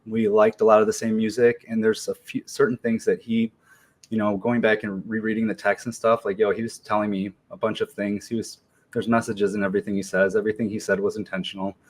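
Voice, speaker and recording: A man in his forties, a podcast guest, telling a personal story in a relaxed, slangy way with many ums and restarts. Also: fairly low pitch, brisk. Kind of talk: casual storytelling interview.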